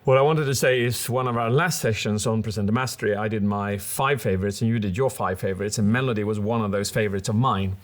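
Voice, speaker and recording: A man's voice: lowish voice, fast, few pauses. A man co-hosting a casual commentary, analysing a speech with enthusiasm and acting out examples with his voice. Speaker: public speaking coach, co-host.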